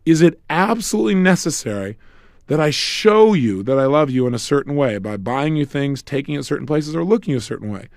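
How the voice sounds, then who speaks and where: A man's voice: on the high side, animated, fairly quick, vocal fry, no room sound, clean studio sound. A middle-aged man giving a motivational self-help lecture, emphatic, asking rhetorical questions and acting out bits of dialogue.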